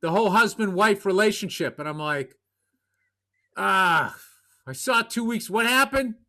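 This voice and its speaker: Bright-voiced blunt man in his fifties. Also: sits high, expressive, unhurried. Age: 50s. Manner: blunt, rambling, profane, joking. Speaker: podcast co-host. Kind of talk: casual chat.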